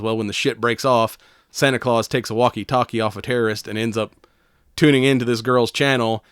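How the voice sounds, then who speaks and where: A man's voice: mid-range voice, steady tone, fairly quick, fairly bright tone, clean tone, dry recording, clean studio sound. A man co-hosting a podcast, chatting casually and profanely about a movie, rambling and laughing often. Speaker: podcast co-host.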